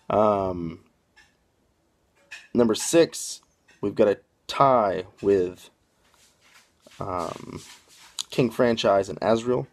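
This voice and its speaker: A man with a lowish voice hosts a relaxed wrestling chat show. He talks slowly and loosely, rambling and filling gaps with ums as he works through a list. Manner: laid-back, rambling with frequent ums. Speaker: podcast host. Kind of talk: casual wrestling talk show.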